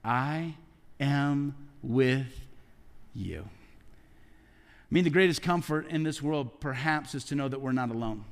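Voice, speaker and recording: A man in his forties preaching a heartfelt sermon, often dropping to soft, hushed tones for emphasis. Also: mid-range voice, long reverb tail. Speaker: pastor. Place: church sanctuary.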